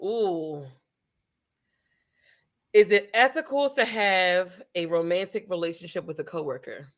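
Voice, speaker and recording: A woman's voice: on the low side, unhurried. A woman co-hosting a casual podcast chat, playful and teasing as she puts questions to her co-hosts. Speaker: podcast co-host.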